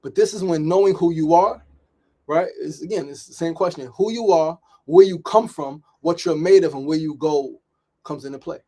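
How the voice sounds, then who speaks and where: A middle-aged New York City man hosts a motivational daily talk show, speaking emphatically, repeating himself and often asking "right?". His voice is fairly high and mellow, at normal speed.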